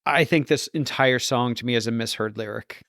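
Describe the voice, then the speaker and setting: Canadian podcast cohost, mid-pitched guy, cracks dry jokes, says yeah a lot. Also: brisk, fairly bright tone, no room sound. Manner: joking, frequent short agreement. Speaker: podcast co-host. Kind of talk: casual chat.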